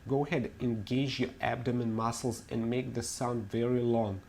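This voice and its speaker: A man's voice: medium pitch, fairly even intonation, moderate pace, vocal fry, a little mellow, slight background noise. A man teaching English pronunciation in a webinar, laying out his principles one by one in an explanatory way. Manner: methodical, explanatory, lists principles step by step. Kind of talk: webinar lecture.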